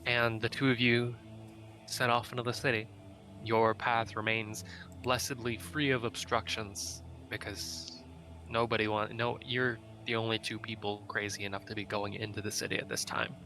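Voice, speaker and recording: A man running a tabletop game narrates the party's next move in a relaxed, halting way. His voice is low but bright and forceful, with faint music behind. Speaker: game master.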